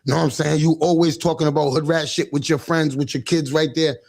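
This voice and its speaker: A man's voice: a little high, level tone, a little fast, gravelly, a little mellow. A man who is a father, hosting a livestream and talking bluntly and profanely about raising kids, often stumbling and restarting his sentences. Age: adult father. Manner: blunt, profane, repeats himself with many restarts. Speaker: livestream host giving parenting talk. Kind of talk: casual street-talk monologue. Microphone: livestream setup.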